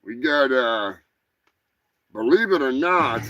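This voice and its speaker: A man hosting a comedic live show, talking loudly in profane, rambling banter. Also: a little high, slow pace, soft background music, poor audio. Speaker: host.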